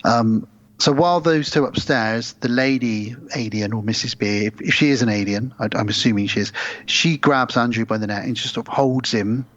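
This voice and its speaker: A man's voice: mid-range voice, moderate pace, a bit bright, dry recording, lo-fi sound. A man co-hosting a podcast, casually retelling a film's plot at length and acting out the characters' lines as he goes. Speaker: podcast co-host. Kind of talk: casual film review chat.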